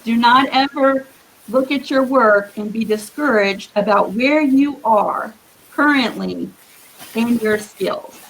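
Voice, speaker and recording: A woman giving earnest, encouraging quilting advice as a guest on a live video call, with a husky morning voice. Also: a little high, slow pace, fairly bright tone, slight background noise, poor audio. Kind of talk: live-streamed advice talk.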